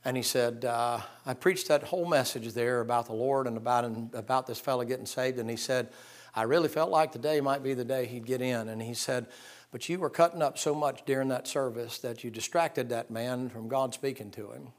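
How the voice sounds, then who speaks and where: A middle-aged man preaching a sermon, telling folksy stories and acting out voices, swinging from hushed to loud. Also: medium pitch, fairly quick. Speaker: pastor.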